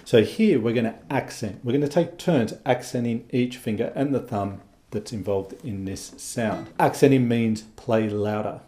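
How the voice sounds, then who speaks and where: A man's voice: medium pitch, moderate pace, hardly any pauses, mellow. A man teaching a guitar lesson, explaining patiently and often checking in with "okay?" between guitar demonstrations. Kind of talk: instructional lesson.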